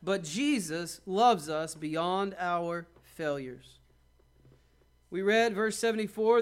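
A man's voice: high voice, lively intonation, slow, smooth. A man preaching a sermon, with dramatic quoted asides and rhetorical questions. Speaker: pastor.

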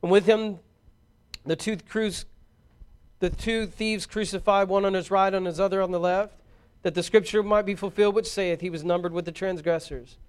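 High, smooth-voiced male scripture reader. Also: steady tone, moderate pace. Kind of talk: formal scripture reading.

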